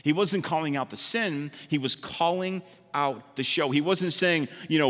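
A man preaching a sermon, animated, sometimes mimicking others in a higher voice and dropping to a quiet, intense tone for emphasis. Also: normal speed, big-room sound. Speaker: pastor.

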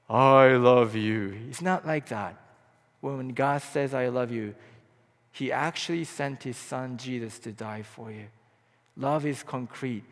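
A high-voiced man delivers an impassioned sermon, dropping to hushed tones and then climbing to loud appeals. His voice rings out with a long hall reverb. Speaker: pastor.

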